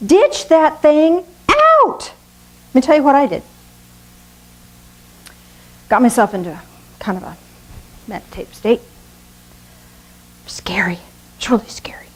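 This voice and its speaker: Slow, earnest woman preaching. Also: sits high, very animated, low-quality recording. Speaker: pastor. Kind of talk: sermon.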